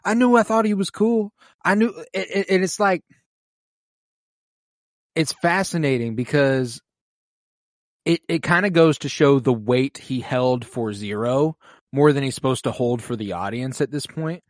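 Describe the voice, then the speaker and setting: A man's voice: medium pitch, a little slow, pauses often, no echo. Male podcast co-host, casual and profane, mid-range voice, dry close mic. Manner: profane, animated, quotes film lines in put-on voices. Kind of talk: casual film discussion.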